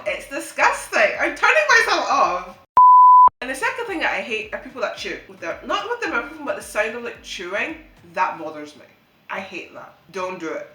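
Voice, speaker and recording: A woman's voice: medium pitch, sharp tone. A young woman vlogging in a casual, jokey chat to camera, ranting about her pet peeves and swearing now and then. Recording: echoey room with faint background music.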